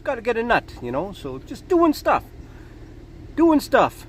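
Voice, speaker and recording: A man's voice: very high-pitched, wildly swooping pitch, a little slow, a little hiss or hum. A man vlogging from his truck, telling stories and dad jokes in a folksy, chuckling way. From Canada. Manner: folksy, chuckling, says "you know" often. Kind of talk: casual storytelling and dad jokes. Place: in a truck or vehicle.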